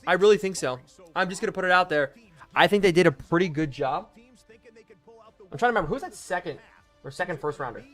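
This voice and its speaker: Excitable young man streaming a football game. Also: high-pitched, faint music behind. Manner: excitable, bursts into loud exclamations, thanks viewers rapidly. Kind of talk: live stream commentary while reading chat.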